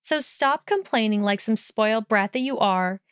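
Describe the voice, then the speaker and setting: A woman voicing a sharp-tongued, haughty young witch in a storybook reading, speaking crisply and cuttingly. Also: on the high side, animated, normal speed, no echo, studio quality, lightly acted. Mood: defiant.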